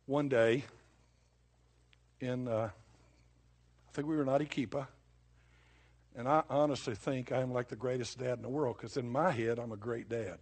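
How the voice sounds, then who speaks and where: A husky-voiced older man delivers a sermon like he is talking across a kitchen table. His homespun storytelling keeps breaking into sudden emphatic punches, then drops back to plain talk. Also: medium pitch, steady tone, normal speed, pauses often, a little mellow. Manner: folksy, conversational storytelling with sudden bursts of emphasis. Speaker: preacher.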